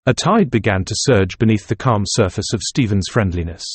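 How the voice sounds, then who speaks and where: Husky low-voiced male narrator. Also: lively intonation, no echo. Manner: measured, literary reading. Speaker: audiobook narrator. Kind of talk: scripted narration.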